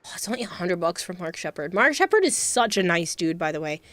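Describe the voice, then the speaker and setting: A young woman hosting a livestream, telling stories in a casual, animated way with frequent laughs and quick asides. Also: lowish voice, dry recording. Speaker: livestream host. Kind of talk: casual storytelling chat.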